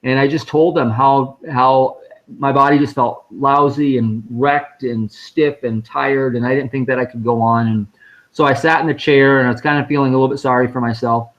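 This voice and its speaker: A man with a medium-pitched, steady, slightly bright voice speaks at a normal speed, and the recording has its highs cut off. He's a guest speaker on a fundraising live stream, telling a personal story conversationally. He brings it to life by quoting the people involved.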